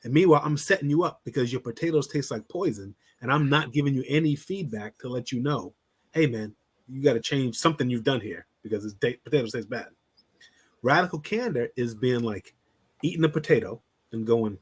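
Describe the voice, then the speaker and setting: A man coaching on relationships in a casual podcast talk, blunt and animated, acting out little scenes and swearing freely. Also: medium pitch, a little fast, breathy edge.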